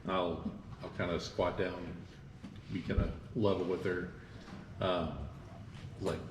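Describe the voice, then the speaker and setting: A very deep-voiced man playing a tabletop game, speaking slowly and gently. He sits well off the mic in an echoey room, with music playing behind. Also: little pitch movement, far from the mic, background noise. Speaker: player. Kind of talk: tabletop role-play.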